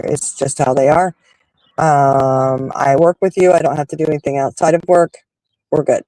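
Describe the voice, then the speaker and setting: A man hosting a talk show speaks candidly in a somewhat high voice with a gravelly edge. He rambles and restarts as he thinks aloud, turning emphatic and blunt. The sound is dry and close. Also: warm tone, dry recording, rough recording. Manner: rambling, emphatic, frank with occasional swearing. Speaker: host. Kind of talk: candid monologue on personal growth.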